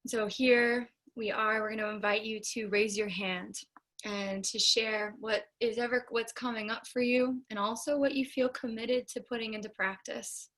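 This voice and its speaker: A woman's voice: a little high, fairly even intonation, moderate pace, poor audio. Emotional woman hosting a video call. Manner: warm, emotional, gently instructive. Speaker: online circle facilitator.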